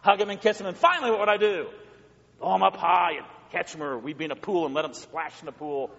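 A man's voice: high voice, quick pace, creaky, fairly bright tone. A male pastor preaching a sermon in a church, folksy and repetitive, building up to rhythmic lists. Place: church sanctuary. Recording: long hall reverb, dull lo-fi sound.

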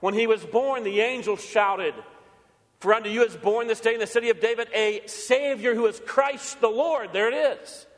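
Older male pastor, emphatic sermon delivery, high voice, reverberant hall. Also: fairly bright tone. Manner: emphatic, repeats key phrases.

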